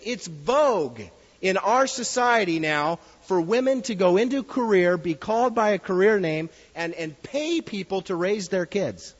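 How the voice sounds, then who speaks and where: A man with a fairly high voice delivers an earnest sermon and reads a story aloud to his congregation. The recording is dull and muffled, and long reverb trails off each phrase as if from a big hall. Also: breathy edge. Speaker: preacher.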